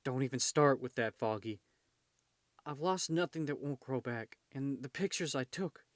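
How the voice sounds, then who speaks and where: Man doing a hurt young Irish woman, raised pitch, pained and pleading, dry close sound. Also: normal speed, no room sound, close to an everyday voice. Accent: attempted Irish. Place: home room with his cat.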